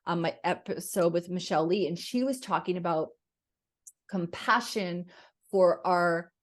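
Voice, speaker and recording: A woman's voice: on the low side, a little slow. A woman hosting a podcast, chatting reflectively and asking her guest questions, with plenty of fillers. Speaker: podcast host. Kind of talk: conversational interview.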